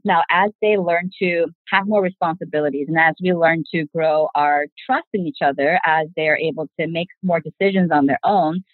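A woman's voice: lowish voice, dry recording. A woman in her forties talking earnestly about parenting and communication on a casual podcast, in long reflective sentences. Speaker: podcast guest. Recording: tinny phone-like sound.

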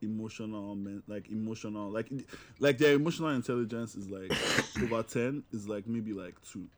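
A man's voice: fairly low pitch, normal speed. A young man co-hosting a casual podcast, talking in a loose, teasing way full of fillers. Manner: lively, teasing, filler-heavy. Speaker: podcast co-host. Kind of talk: casual chat.

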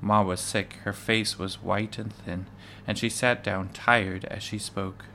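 A man reading a children's book aloud, measured and with occasional stumbles. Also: on the low side, steady tone, vocal fry, pushed and bright, a little hiss or hum. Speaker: reader.

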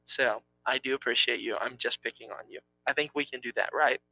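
A man's voice: mid-range voice, steady tone, brisk, sharp tone, no room sound, rough recording. A man co-hosting a podcast in casual chat, with a playful, teasing way of talking. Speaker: podcast co-host.

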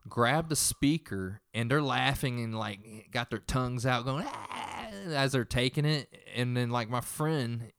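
A man's voice: mid-range voice, unhurried, few pauses, fairly bright tone, no echo, clean studio sound. A young man casually retelling a tense story in a profane, rambling way.

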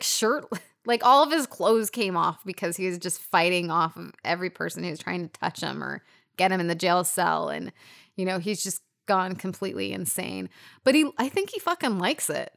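A woman co-hosts a casual podcast about a film. She talks in an animated, loose way, swears freely and retells scenes with feeling. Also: on the low side. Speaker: podcast co-host.

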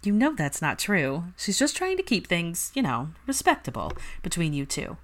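A woman's voice: lowish voice, wildly swooping pitch. A woman voicing a clever, playful young woman, close to her own voice. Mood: teasing. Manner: playful, brisk.

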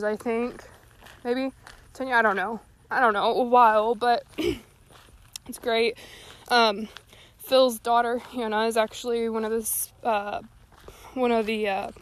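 Breathless young woman with a folksy drawl. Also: a little high. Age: young adult. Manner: rambling, folksy, earnest. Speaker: podcast host. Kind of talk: casual solo talk. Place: walking outdoors.

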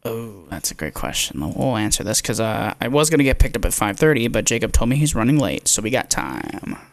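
A man's voice: medium pitch, very animated, a little fast, vocal fry, no echo. A young man co-hosting a casual sports podcast, rambling, laughing a lot and swearing freely. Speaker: podcast co-host.

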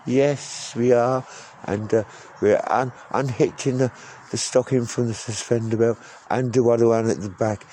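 A man putting on a brassy, teasing sex-line woman who stumbles and repeats words as she describes herself. The voice sits around an ordinary male middle pitch, and it sounds lightly done, hardly a put-on at all. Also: fairly even intonation, normal speed, warm tone, slight background noise, lightly acted.

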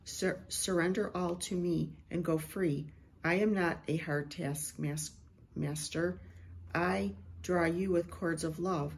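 A middle-aged woman, a Christian prophetic speaker, slowly and reverently reading a prophetic word and sharing a vision. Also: on the low side, fairly even intonation, slight background noise.

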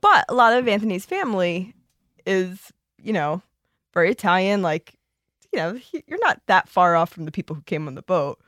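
A woman hosts a chatty podcast, leading segments and telling stories with a lot of laughter. Her pitch moves around a lot in lively swings. The recording is dry and close. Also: moderate pace, no echo. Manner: giggly, animated storyteller. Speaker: podcast host. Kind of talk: casual chat.

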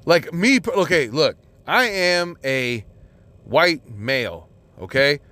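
A man's voice: fairly high pitch, very animated, takes it slowly, pushed and bright, dry recording. Exasperated, foul-mouthed male podcaster. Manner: exasperated, heavy swearing, rambling with many fillers. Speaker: podcast host. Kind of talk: profane solo podcast rant.

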